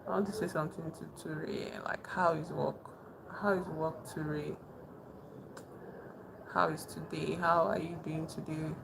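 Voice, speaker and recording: A young woman chatting casually with her live-stream chat, soft-spoken and calling herself very emotional. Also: deep voice, little pitch movement, measured pace, vocal fry. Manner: soft-spoken, thanks chat warmly, says she is very emotional. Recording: noticeable background noise.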